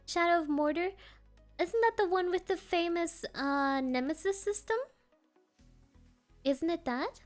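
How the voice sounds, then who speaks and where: A woman streamer rambles playfully to her chat in a high, bright voice. She takes her time, drawing out her thoughts and laughing easily. Faint music plays underneath. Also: a little slow, pauses often.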